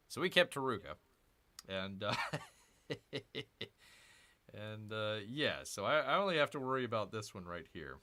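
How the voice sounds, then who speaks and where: A man streaming a strategy game, talking casually through each move. His voice is bright and bouncy, with muttered grumbles at the game and playful growls tossed in. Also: mid-range voice, big pitch swings, measured pace, pauses often. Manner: chatty, muttering asides, playful mock growls. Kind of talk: casual live gameplay commentary.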